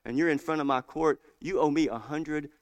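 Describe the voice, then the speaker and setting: A stern small-town judge who lays down the law in measured, low-key tones, firm but never loud, as a preacher plays him in a sermon story. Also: male voice, lightly acted.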